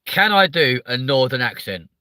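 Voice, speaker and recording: A man's voice: medium pitch, sing-song, moderate pace, sharp tone, dry recording. A man with a southern English accent hosting a live show, rambling, swearing and poking fun at himself as he chats with viewers. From southern England. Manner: rambling, sweary, self-mocking. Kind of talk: casual live-stream chat with viewers.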